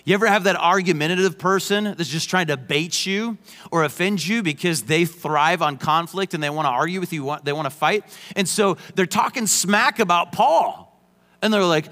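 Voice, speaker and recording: Bright-voiced preaching man in reverberant hall. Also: a little high, expressive, normal speed. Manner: emphatic preaching with joking asides. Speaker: pastor. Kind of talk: sermon. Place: church sanctuary.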